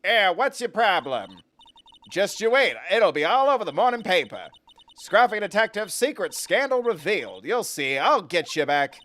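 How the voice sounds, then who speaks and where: A man's voice: high voice, very animated, normal speed, pushed and bright, pitched above the performer's own voice, heavily acted. A man voicing a brash young female photojournalist with a Southern accent, reading game dialogue in a pushy, twangy way. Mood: indignant.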